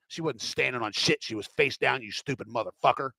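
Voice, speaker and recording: A man's voice: medium pitch, a little fast, vocal fry, few pauses, pushed and bright, no room sound. A man ranting his opinions on a vlog, swearing often, heated and repeating himself. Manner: profane, heated, repetitive. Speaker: commentator.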